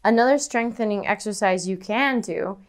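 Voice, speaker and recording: A woman's voice: medium pitch, moderate pace. A woman teaching singing, demonstrating breathing exercises as she explains them. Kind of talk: vocal lesson demonstration.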